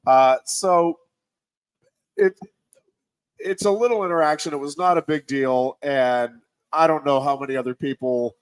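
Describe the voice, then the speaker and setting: A man in his thirties, a radio host and high school sports announcer, telling a story in a rambling, reflective way with many restarts. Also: no room sound. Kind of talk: casual radio sports chat.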